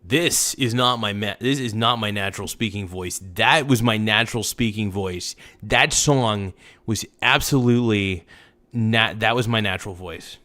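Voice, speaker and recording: Loose, rambling livestream host. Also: male voice, on the low side, normal speed, bright, forceful tone. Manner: rambling, chuckling, loose and jokey. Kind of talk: casual livestream chat.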